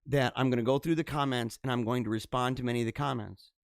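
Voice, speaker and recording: A man's voice: medium pitch, steady tone, fast talker, gravelly, dry recording. Fervent preaching man, dry close sound. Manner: fervent, preachy, swings from hushed to loud. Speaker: host of a live religious show. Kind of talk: impassioned live-stream monologue.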